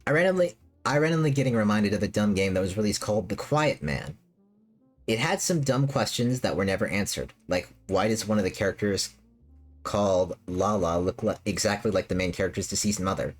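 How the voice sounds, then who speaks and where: A woman streamer with a bass voice chats casually with her live chat, sounding expressive and brisk. She rambles and repeats herself with plenty of fillers, while faint music plays behind her.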